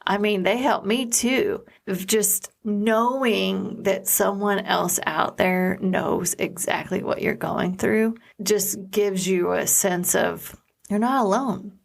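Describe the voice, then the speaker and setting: A woman's voice: medium pitch, slow pace, creaky. A woman co-hosting a podcast, speaking in an earnest, reflective way and often searching for her words. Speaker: podcast co-host. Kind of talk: casual chat.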